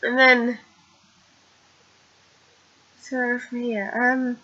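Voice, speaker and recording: Bright-voiced woman rambling a recap. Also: fairly high pitch, level tone, drawn-out words. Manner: chatty, rambling, many fillers. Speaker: TV recap vlogger. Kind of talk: casual recap chat. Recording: dull lo-fi recording.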